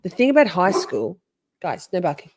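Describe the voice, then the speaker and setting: A woman's voice: lowish voice, huge pitch swings, normal speed, background noise. A woman hosting a casual trial recap, chatty and sarcastic, often acting out quotes in different voices. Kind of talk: casual livestream commentary.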